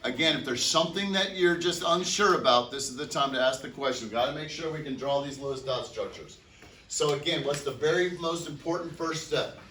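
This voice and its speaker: A man's voice: a little high, a little fast, sharp tone, a little hiss or hum. Upbeat male chemistry teacher, echoey classroom. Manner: upbeat, joking, counts aloud and quizzes students. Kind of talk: classroom lecture. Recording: echoey classroom, mic far off.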